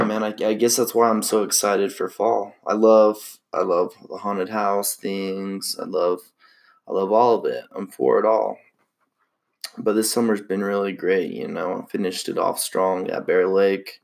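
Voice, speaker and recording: Gravelly low-voiced man, laid-back rambling. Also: a little slow. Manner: rambling, laid-back, heavy on fillers and slang. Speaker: podcast host. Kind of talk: casual solo podcast chat.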